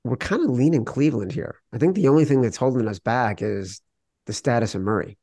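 A man's voice: medium pitch, brisk, dark tone, dry recording. A man co-hosting a sports betting podcast, arguing his picks in a wry, insistent way. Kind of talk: casual sports betting debate.

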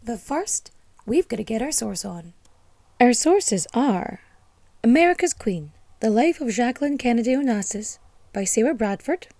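A young woman runs a history podcast, telling the story in a casual, playful way. Her voice sits a little high, with a warm, mellow tone. She keeps it chatty, full of jokes and asides. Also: lively intonation, normal speed.

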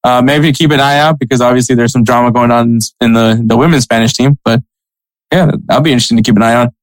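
A man's voice: mid-range voice, fairly even intonation, fast, dry recording, poor audio. Laughing male soccer podcast host. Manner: laughs often, reads sponsor spots. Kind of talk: casual soccer podcast chat.

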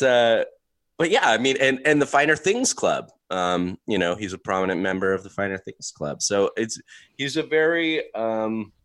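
A man co-hosting a casual podcast chat, laughing often as he talks. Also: lowish voice. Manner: laughs often, lively and animated. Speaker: podcast co-host.

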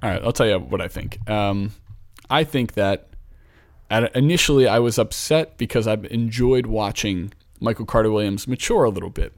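A man's voice: fairly low pitch, normal speed. A man from Philadelphia hosting a casual basketball talk show, chatty and rambling as he thinks aloud. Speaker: basketball podcast host.

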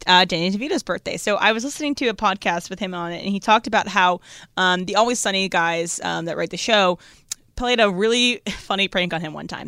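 A woman's voice: mid-range voice, sharp tone, clean tone, dry recording, studio quality. A woman co-hosting a talk show, bringing up topics in a hesitant way with lots of fillers. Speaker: radio co-host bringing topics. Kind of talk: casual studio chat. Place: radio studio.

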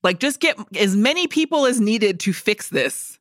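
A woman's voice: fairly high pitch, very animated, moderate pace, no echo, clean studio sound. A woman co-hosting a podcast, reading listener emails and giving blunt, enthusiastic opinions laced with swearing. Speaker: podcast co-host.

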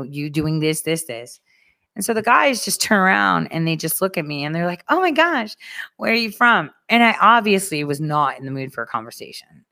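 A woman's voice: fairly low pitch, fairly bright tone, clean tone. A woman telling a story in a casual, sarcastic rant, swearing freely and acting out what others said.

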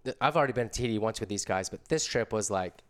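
Middle-aged man, easygoing surfer storyteller, smooth resonant voice. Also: lowish voice, lively intonation, very fast, fairly bright tone. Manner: laid-back, slangy surfer talk. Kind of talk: casual storytelling.

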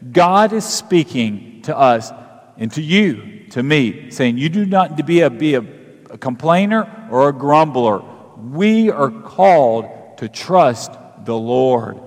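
A man's voice: a little high, expressive, a little mellow. Preaching man in a reverberant hall. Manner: preaching with rising fervor, drawn-out pauses. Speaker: pastor. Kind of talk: sermon.

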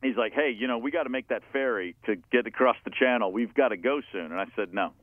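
A man, a musician guest, telling an anecdote in a loose, animated way, swearing often and laughing at himself. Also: mid-range voice, fast talker, dry recording. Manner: animated, profane storyteller who laughs at himself. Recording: tinny phone-like dry sound.

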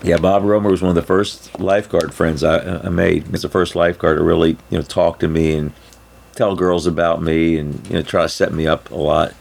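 A man telling a personal story in a rambling, halting way with many restarts. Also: deep voice, steady tone, gravelly, darkish tone, a little hiss or hum. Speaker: storyteller guest. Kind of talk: casual spoken storytelling.

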